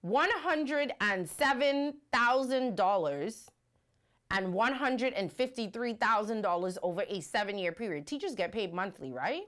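A woman's voice: medium pitch, measured pace. A woman hosting a casual livestream, talking animatedly and reading out viewer comments. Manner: animated, rhetorical, reads viewer comments aloud. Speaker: livestream host. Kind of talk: casual live-stream commentary.

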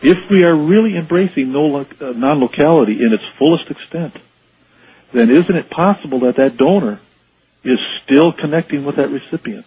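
A man appearing as a radio guest has a very raspy, rough-edged voice at a middle pitch. His sound is dull and muffled, like a line carried over the air. He explains his points earnestly and steadily. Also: animated, moderate pace. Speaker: guest expert. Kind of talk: radio interview.

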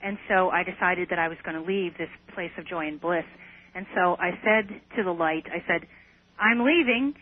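A woman's voice: fairly low pitch, fairly even intonation, a little fast. A woman guest in an interview, earnestly recounting a personal experience with some hesitant restarts. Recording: tinny phone line on radio.

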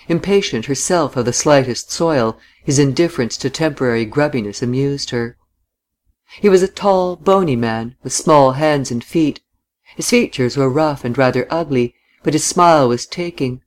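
A man reading a novel aloud as an audiobook narrator, measured and even. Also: mid-range voice. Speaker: audiobook reader.

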